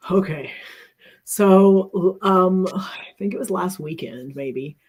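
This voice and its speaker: A woman's voice: lowish voice, very slow, a little mellow, breathy edge. Earnest middle-aged woman sharing personally. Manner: earnest and reflective, restarts often. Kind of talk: candid personal storytelling.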